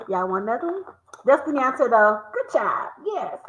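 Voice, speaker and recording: A woman with a Southern American accent hosting a playful word game with friends, teasing and laughing often as she drags out her words. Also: high-pitched. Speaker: host. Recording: echoey room, dull lo-fi sound.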